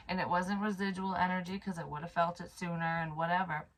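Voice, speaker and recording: Woman, casual vlog storytelling, frank, swears a lot, sighs, slightly low voice. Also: little pitch movement, brisk, a bit bright, low-quality recording. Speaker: psychic medium vlogger.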